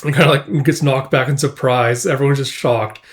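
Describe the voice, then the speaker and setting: A man casually retelling a comic book out loud, chatty, with laughing asides. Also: medium pitch, fairly even intonation, moderate pace. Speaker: host. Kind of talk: casual manga read-through.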